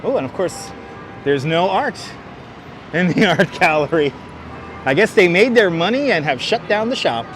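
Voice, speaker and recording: A man's voice: sits high, animated, normal speed, long pauses, music in the background. A man livestreaming while walking city streets, giving joking, sarcastic running commentary on a clip-on mic. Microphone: wireless clip-on mic. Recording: outdoor traffic noise.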